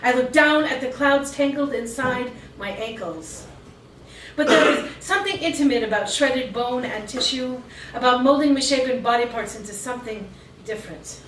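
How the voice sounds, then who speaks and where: A woman with a fairly high voice performs her spoken-word poetry at a cafe open mic, switching between rhythmic, intense delivery and casual asides. She is recorded from a distance in an echoey room, with faint background noise. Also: lively intonation, moderate pace, fairly bright tone. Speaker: featured poet. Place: cafe performance space, live audience.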